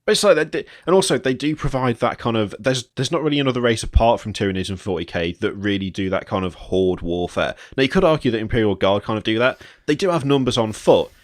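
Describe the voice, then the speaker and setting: A man with a fairly low voice explains game lore at length on a podcast, keen and talkative. The recording is dry and close. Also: fast talker, few pauses, no echo. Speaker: podcast co-host. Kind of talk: casual gaming chat.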